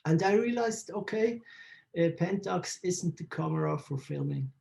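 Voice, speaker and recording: A man, answering interview questions in halting English and searching for words. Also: high voice, expressive, creaky, darkish tone. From Switzerland. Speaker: photographer interviewee.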